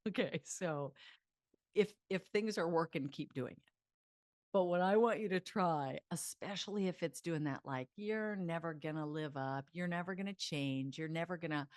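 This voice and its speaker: A woman psychologist teaching self-help, chatty and animated, leading mantras aloud. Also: on the low side, no room sound, studio quality.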